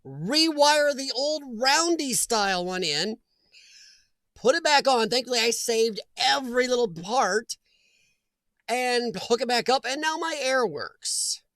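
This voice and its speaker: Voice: medium pitch, lively intonation, unhurried, a bit bright. A chatty host running a casual livestream from home, often breaking into laughter while greeting viewers by name. The voice sits mid-range and sounds dry and close, with no room echo.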